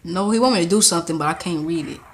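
Excitable young man narrating gameplay. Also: on the high side, rapid-fire, slight background noise. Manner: excitable, talks back to game characters. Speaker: gaming channel host. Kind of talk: casual gameplay commentary.

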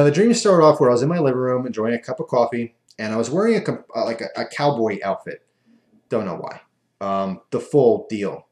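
Male vlogger, low-ish voice, loose rambling storyteller, echoey room sound. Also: darkish tone. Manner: rambling, loose and self-amused. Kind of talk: casual storytelling.

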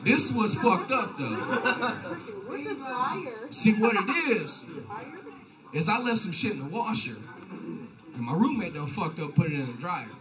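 Young male stand-up, high-pitched, loose and profane, live bar set over a laughing crowd. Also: sing-song, unhurried, long pauses, far from the mic, low-quality recording. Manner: profane, loose, rambling delivery. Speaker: stand-up comedian. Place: comedy bar.

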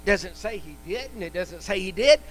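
A man's voice: sits high, lively intonation, moderate pace, poor audio. A man preaching a live church sermon, emphatic and repetitive, speaking in a church sanctuary. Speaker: pastor.

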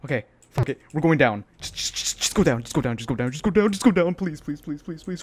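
A man's voice: medium pitch, animated, fast talker, soft background music. A man giving jittery let's-play commentary, swearing often and calling everyone dude and bro. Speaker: gaming channel host.

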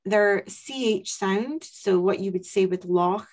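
A woman's voice: medium pitch, takes it slowly, a little mellow. A Scottish woman co-hosting a podcast, chatting in a dry, teasing, matter-of-fact way. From Scotland. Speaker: podcast co-host. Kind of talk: casual chat.

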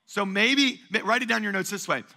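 Bright, high-voiced man preaching. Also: fairly quick, vocal fry. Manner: call-and-response preaching, repeats phrases for emphasis. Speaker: pastor. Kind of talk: sermon. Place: church sanctuary, before a congregation.

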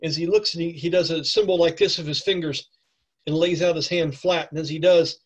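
A man's voice: on the high side, steady tone, slightly rough, highs cut off. Man running a casual tabletop game. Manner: casual, halting, with fillers. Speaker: game master.

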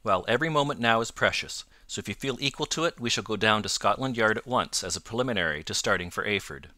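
Man reading cool confident detective, low voice, crisp edge, dry studio audiobook. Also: animated, fast talker, sharp tone, no echo. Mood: assured. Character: sharp, confident male detective. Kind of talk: audiobook narration.

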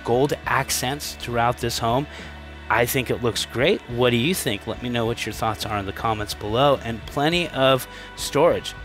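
A man's voice: mid-range voice, moderate pace, a bit bright, soft background music. An enthusiastic man hosting a casual walkthrough of a home, chatty and upbeat, stumbling into restarts now and then. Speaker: home tour host. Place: inside a manufactured home at a show.

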